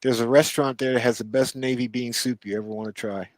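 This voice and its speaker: A man co-hosts a relaxed podcast conversation, spinning unhurried stories full of asides and little chuckles. His voice sits in a middle register, and the sound is close and dry with no room echo. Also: medium pitch. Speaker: co-host. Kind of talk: casual podcast chat.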